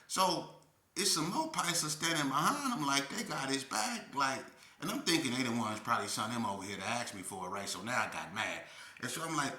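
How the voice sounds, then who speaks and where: An older man telling a street story in a casual, animated way, often checking in with "right?". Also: medium pitch, fairly quick. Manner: animated, keeps asking "right?". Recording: roomy echo.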